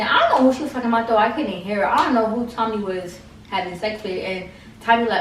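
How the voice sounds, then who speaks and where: A woman's voice: medium pitch, fairly quick, far from the mic. A woman talks through a reality TV reunion in a loose, gossipy way, dropping "like" everywhere and tossing in mocking asides. She sits back from the mic in a room that rings with echo. A faint layer of noise runs behind her. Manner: slangy, chatty, fillers of "like", mocking asides. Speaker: reality TV recap host. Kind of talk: casual recap chat.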